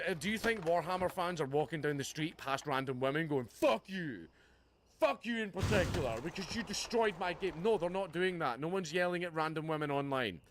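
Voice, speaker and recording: A livestream host delivering a heated, profane, sarcastic reaction rant. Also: male voice, on the high side, a bit bright. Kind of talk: ranting reaction commentary. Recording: noticeable background noise.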